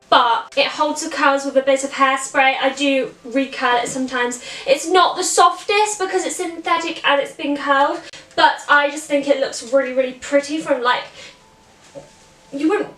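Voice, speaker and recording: A woman's voice: high-pitched, a bit bright. A woman giving a chatty, upbeat makeup and costume tutorial, explaining step by step. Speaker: costume character performer. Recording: echoey room, mic at a distance.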